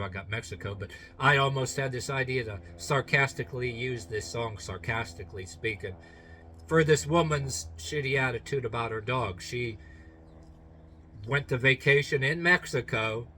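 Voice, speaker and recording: Bright-voiced man on a profane rant. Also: mid-range voice, a little hiss or hum. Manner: indignant, profane, rambling with restarts. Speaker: YouTuber. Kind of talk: ranting commentary vlog.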